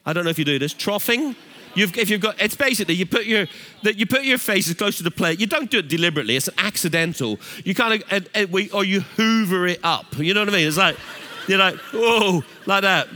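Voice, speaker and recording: A middle-aged English man preaching a sermon, telling a funny family story in a playful, animated way. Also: high-pitched, quick pace. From England. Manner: animated, playful, laughs at his own stories. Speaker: pastor.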